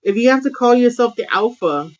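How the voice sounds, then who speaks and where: A woman's voice: a little high, expressive, a little fast. A woman hosting a wrestling commentary show, giving her opinions in a casual rant full of fillers and restarts. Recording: dull lo-fi sound.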